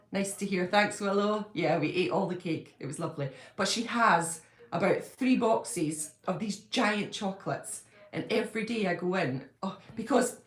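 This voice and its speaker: A woman chatting on a home live stream, bubbly and quick to gush and laugh. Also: medium pitch. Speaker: livestreaming fan-channel host. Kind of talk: casual live-stream chat. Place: at home, indoors. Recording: echoey room.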